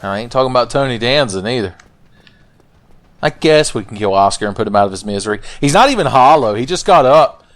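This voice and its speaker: A man's voice: mid-range voice, expressive, fairly quick. A man giving let's play commentary in a jokey, profane, rambling way. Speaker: gameplay commentator.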